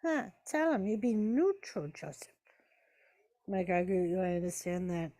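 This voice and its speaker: This watch-party host has a dark-toned, medium-pitched, sing-song voice and talks a little fast. Chatting casually on her live stream, she answers viewers, calls the action and talks to her pets.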